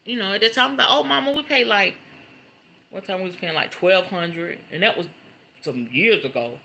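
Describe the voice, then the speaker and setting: A man with a high, bright voice hosts a casual spiritual livestream, talking in an animated, conversational way. He reads viewer comments aloud as he goes, over faint room noise. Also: normal speed, gravelly, lo-fi sound. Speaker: host.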